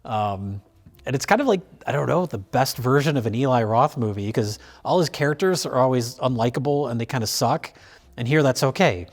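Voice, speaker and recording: A man's voice: medium pitch, animated, fairly quick. A man hosting a film review show, chatting casually with fillers and restarts. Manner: rambling, many fillers and restarts, laughs easily.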